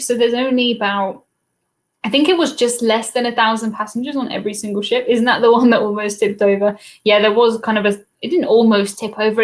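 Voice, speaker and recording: Here a British woman, her voice on the high side, presents a cruise trivia stream live. Speaking chattily into a laptop webcam mic, she reads viewers' remarks and responds to each one.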